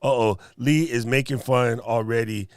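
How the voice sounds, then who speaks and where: Male livestream host, playful banter, dry close sound, mid pitch. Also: steady tone, normal speed, clean tone, dry recording. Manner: joking, playful banter with chat. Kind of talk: casual livestream chat.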